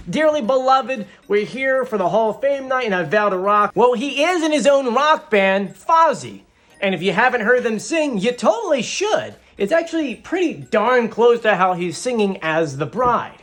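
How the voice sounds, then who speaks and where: A man hosting a casual video, chatting excitedly and a little boastfully to his viewers. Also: extremely high pitch, moderate pace, faint music behind. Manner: excitable and animated, playfully boastful. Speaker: video host breaking down a TV singing show. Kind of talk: casual chatty commentary to camera.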